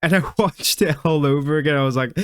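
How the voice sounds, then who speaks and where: A man's voice: a little high, quick pace, clear, resonant tone. A young man doing comedic reaction commentary, mocking and laughing often, with stammers and restarts. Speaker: video commentator.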